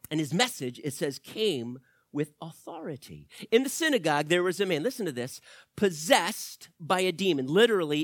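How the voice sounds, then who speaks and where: A male pastor preaching a teaching sermon, swinging from loud emphasis to quiet asides and asking the audience questions. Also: mid-range voice, no room sound, studio quality. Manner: asks the audience direct questions.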